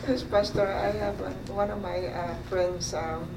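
A woman from the congregation sharing a story with the pastor in a halting way, full of fillers; she is not an English speaker. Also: mid-range voice, fairly even intonation, echoey room, distant mic, noisy background.

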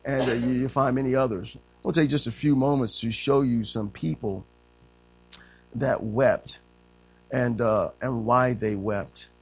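A man preaching a sermon in a conversational way. He often says amen and voices quotes by pitching up. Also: fairly even intonation, measured pace, slight background noise. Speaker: pastor.

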